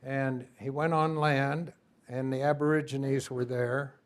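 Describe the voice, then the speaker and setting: A man teaching a class, lecturing in a lively way and asking his students for input. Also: medium pitch, a little slow. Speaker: instructor.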